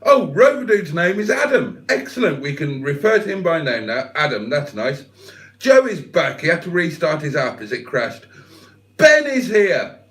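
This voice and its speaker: Older man, slightly high voice, livestream host, reads chat comments, teasing, self-deprecating. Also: expressive, normal speed, a bit bright, reverberant. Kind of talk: casual live chat, reading out comments.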